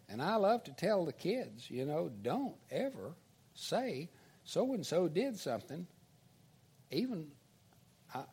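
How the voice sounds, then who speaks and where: An older male preacher with a high, lively voice tells a folksy story from the pulpit. He talks in an animated way, swinging his pitch widely as he builds toward the lesson. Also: slightly rough. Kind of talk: storytelling sermon.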